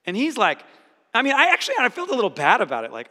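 Middle-aged guy preaching, high bright voice, punches his lines, big echoey hall. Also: sing-song, quick pace. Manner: emphatic, repeats phrases for force. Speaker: pastor. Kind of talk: sermon.

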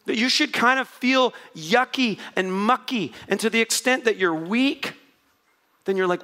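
A man's voice: high voice, measured pace, sharp tone. A man preaching a sermon to a congregation, joking and playful, with asides to the crowd. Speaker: pastor.

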